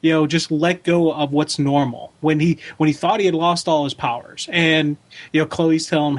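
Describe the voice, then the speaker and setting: A man's voice: fairly high pitch, moderate pace. A man co-hosting a fan podcast in casual chat, enthusiastic and acting out little quotes. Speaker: podcast co-host.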